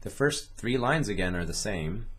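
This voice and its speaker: A man's voice: lowish voice, animated, moderate pace, fairly bright tone, husky. A man teaching a didgeridoo lesson, patiently explaining a rhythm step by step and speaking its syllables aloud. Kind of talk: instructional lesson, talking through rhythms.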